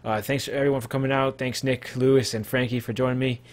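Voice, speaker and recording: Male podcast host, average pitch, loose rambling delivery over a call mic. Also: level tone, fast talker. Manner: rambling, self-correcting. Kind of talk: casual live-stream chat.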